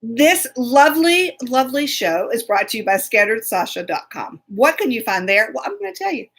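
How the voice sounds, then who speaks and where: A woman's voice: a little high, big pitch swings, moderate pace, fairly bright tone. A woman hosting a casual live stream, chatty and laughing often as she greets viewers by name. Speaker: host.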